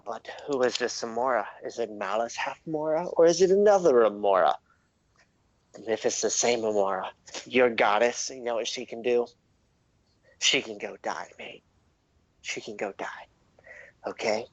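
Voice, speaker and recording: A man's voice: medium pitch, unhurried, pauses often, no room sound, lo-fi sound, natural voice. Give me a man playing a vengeful warrior king, grim and menacing. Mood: bitter. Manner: grim and threatening, calls people mate. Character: bitter, vengeful warrior king who threatens a goddess.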